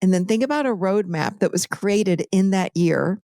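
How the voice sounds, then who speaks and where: A woman talks through ideas in a conversational teaching style, lively and animated as she tells stories. Her voice sits mid-range and the sound is dry and close. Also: mid-range voice, normal speed, no echo. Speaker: podcast guest, author.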